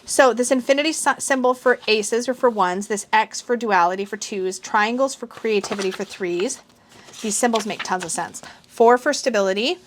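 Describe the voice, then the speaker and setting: A woman with a slightly high voice talks through a tarot deck in a casual, chatty walkthrough. She gushes with excitement, reads passages aloud and mutters asides to herself. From Canada.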